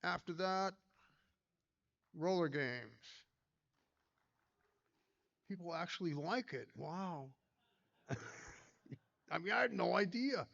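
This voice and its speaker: A man's voice: high voice, expressive, slow pace, gravelly, pauses often, a bit bright, muffled recording. An older man giving a casual conference talk about his career, rambling through anecdotes with many fillers and restarts. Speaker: pinball designer giving a talk.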